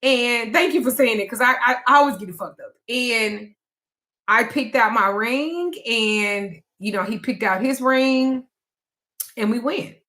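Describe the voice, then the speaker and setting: A woman hosting a live call-in talk show, telling a personal story in a blunt, profane and animated way. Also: on the high side, a little slow. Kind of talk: casual storytelling chat.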